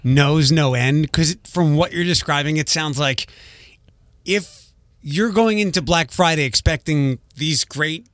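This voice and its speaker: A man's voice: fairly high pitch, a bit bright, no room sound. Wry male morning radio host. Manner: wry, blunt commentary, then brisk announcer reads. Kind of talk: radio show hosting.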